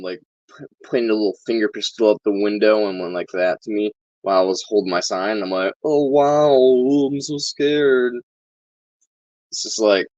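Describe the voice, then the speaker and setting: A man talking casually to camera in a sarcastic, deadpan way, with plenty of swearing. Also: low voice, no room sound, dull audio. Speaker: vlogger.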